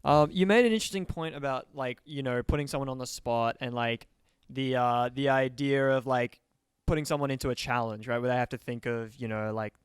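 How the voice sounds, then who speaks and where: Smooth-voiced podcast host. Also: male voice, medium pitch, brisk, dry recording, studio quality. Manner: thoughtful, hedging questions with fillers. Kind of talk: casual interview.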